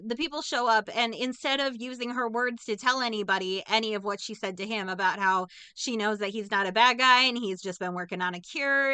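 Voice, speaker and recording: Recapping a film on a podcast she co-hosts, a woman keeps it casual and sarcastic, joking around and performing the characters' dialogue. She has a fairly high, sharp-toned voice that sounds smooth in a dry recording.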